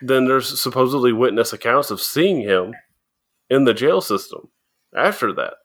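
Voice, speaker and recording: A man's voice: medium pitch, animated, normal speed, a bit bright. A man with a mid-range voice chats casually on a podcast. He hedges his points with fillers and little asides. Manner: chatty, hedging with fillers. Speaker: podcast co-host. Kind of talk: casual chat.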